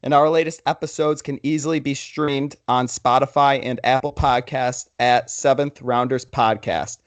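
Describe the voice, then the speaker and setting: A man's voice: mid-range voice, steady tone, moderate pace, no echo. A young man hosting a casual sports podcast, joking loosely and reading out plugs. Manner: loose, joking, reads sponsor and social plugs. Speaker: podcast host.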